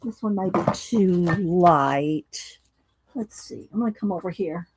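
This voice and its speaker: A woman's voice: lowish voice, animated, measured pace, noisy background. A woman chatting casually on a live craft stream, thinking aloud as she picks paint colors and reads viewer chat. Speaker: art streamer.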